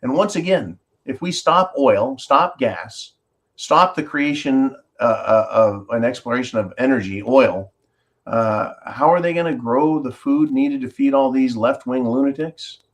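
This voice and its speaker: A man's voice: mid-range voice, a little slow. A male commentary host with a mid-range voice, worked up and sarcastic. He rants to his audience, mocks other people's words in quotes and reads out viewer comments. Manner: animated, sarcastic ranting with mock-quoted voices.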